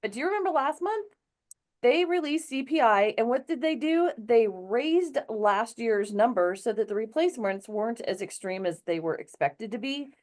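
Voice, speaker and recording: A middle-aged woman hosting a show, chatty and quick to laugh in casual talk. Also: a little high, lively intonation, darkish tone. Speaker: show host. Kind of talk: casual chat.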